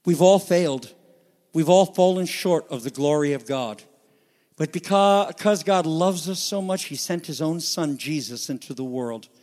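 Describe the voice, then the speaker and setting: A man preaching a sermon to a congregation, asking them questions, building to loud, high emphasis and then dropping soft. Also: animated, normal speed. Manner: asks the congregation rhetorical questions. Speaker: pastor. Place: church sanctuary. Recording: reverberant hall.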